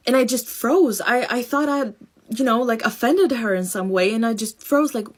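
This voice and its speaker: A woman telling a personal anecdote in a lively, chatty way. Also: fairly high pitch, moderate pace. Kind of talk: casual storytelling.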